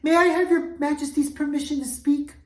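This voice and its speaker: A woman's voice: high voice, fairly even intonation, a little fast, a little mellow, voice pushed up, lightly acted. A woman voicing a polite, earnest servant who speaks up in a raised, eager voice, in a roomy recording from a distance. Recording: roomy, voice away from mic.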